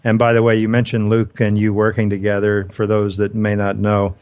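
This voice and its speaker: A man co-hosting a radio interview, asking questions in a measured, courteous way. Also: fairly low pitch, monotone, darkish tone, slight background noise. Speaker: radio co-host.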